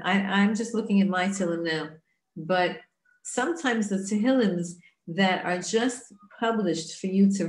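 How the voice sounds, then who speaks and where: A woman's voice: medium pitch, darkish tone, reverberant. A woman giving an earnest, conversational Torah class, often asking rhetorical questions and restarting her sentences. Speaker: Torah teacher.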